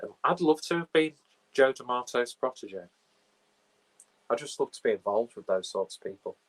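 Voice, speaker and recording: A man's voice: mid-range voice, expressive, moderate pace, poor audio. A man hosting a casual film podcast, rambling and offhand with crude jokes, recorded on a phone camera. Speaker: podcast host.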